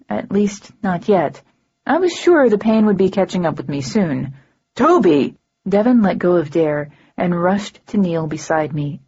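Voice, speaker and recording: A woman reads a first-person fantasy novel with a dry, sardonic edge. Her voice sits low and sounds husky and mellow. The recording has a dull, muffled quality. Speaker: audiobook narrator. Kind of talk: first-person audiobook narration.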